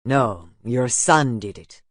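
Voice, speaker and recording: A man voicing a calm, patient male mentor in an audiobook, speaking slowly and gently. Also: medium pitch, dry recording, clean studio sound. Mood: warm.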